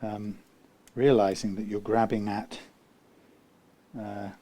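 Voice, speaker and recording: A man working as a guitar technician who muses aloud while he works, rambling and often trailing off into quiet muttering. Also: lowish voice, little pitch movement, slow.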